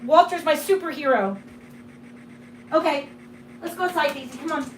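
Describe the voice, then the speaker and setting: A woman's voice: high-pitched, normal speed, background noise. Chatty woman hosting a livestream. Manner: chatty storytelling, full of "like". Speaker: livestream host. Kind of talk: casual livestream chat. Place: at home.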